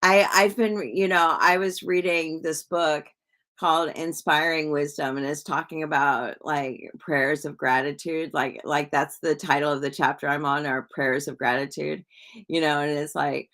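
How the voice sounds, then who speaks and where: With a deep voice and fairly even intonation, a middle-aged woman chats through her casual psychic livestream at a moderate pace. She rambles while reading viewer comments, with frequent restarts and soft laughs.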